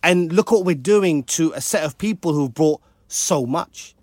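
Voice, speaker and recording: A British man co-hosting a casual discussion, speaking with passion and climbing in pitch when a point matters to him. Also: a little slow, no room sound, clean studio sound. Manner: animated, rises sharply when passionate.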